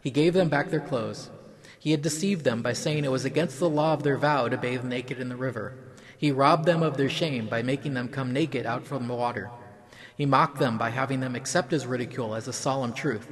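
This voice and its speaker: A man narrates a mythological story in an even, measured storyteller voice at a middling pitch. A crowd murmurs steadily behind him. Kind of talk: reading a mythological story aloud.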